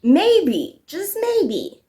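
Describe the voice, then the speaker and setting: A smug young man boasts about his newfound appeal, stammering and drawling, as a woman puts him on. The voice stays high and light, and the impression is plainly mocking. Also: huge pitch swings, very slow, mellow, exaggerated voice. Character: cocky young man getting full of himself.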